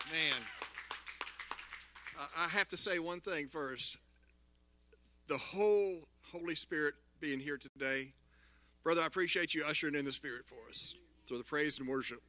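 A man in a church speaking fervently before leading prayer, with shouts of praise. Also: on the high side, no echo. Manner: fervent, exclamatory. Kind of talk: charismatic church exhortation. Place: church sanctuary.

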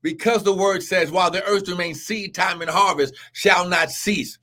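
On a live stream, a man with a high-pitched voice preaches a Pentecostal sermon at normal speed and in a steady tone. He exhorts in a rhythmic cadence, crying "glory" repeatedly, often rising to a shout and breaking into tongues.

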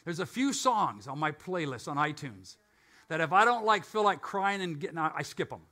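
A man's voice: a little high, very animated, normal speed, bright, forceful tone. An older man preaching a conversational sermon as pastor, often asking and answering his own questions.

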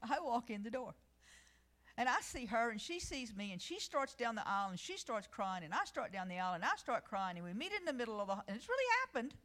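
A woman's voice: on the high side, sing-song, a little fast, fairly bright tone. A middle-aged woman preaching a sermon, telling personal stories and reading scripture with rising emphasis.

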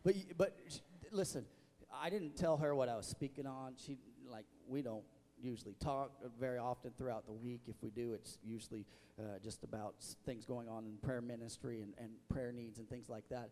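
A man's voice: mid-range voice, fairly quick, few pauses, dark tone, slight background noise. A man preaching a sermon as pastor in a church, emotional and stammering with many restarts. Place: church sanctuary. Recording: long reverb of a church hall.

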